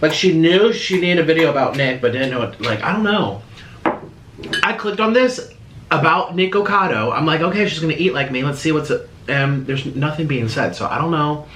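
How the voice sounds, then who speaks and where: A man hosting a reaction video, chatting casually and eating between quick remarks. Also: fairly high pitch, animated, a bit bright, a little hiss or hum. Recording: roomy echo.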